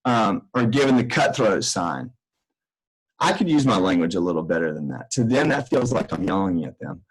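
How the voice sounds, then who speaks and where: A middle-aged man with a fairly low voice gives a casual, earnest lesson on disciplining children, recorded from a room at home. He talks into a computer mic as if on a video call, stopping and restarting his phrases as he works out what he means. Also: expressive, normal speed, husky, poor audio. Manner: earnest and conversational, with frequent restarts and asides. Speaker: extension educator. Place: room in his own house.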